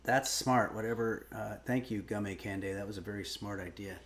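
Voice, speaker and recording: A man's voice: on the low side, moderate pace. A man hosting a live-stream cooking lesson, chatting casually, frank and self-mocking, swearing now and then.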